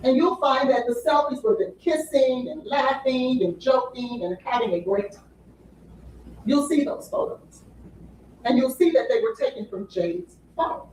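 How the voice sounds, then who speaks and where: Unhurried and high-pitched with a darkish tone, a woman gives a defense attorney's opening statement, emphatically repeating "you'll hear" to the jury. The echoey courtroom recording comes from far off, with a little hiss or hum.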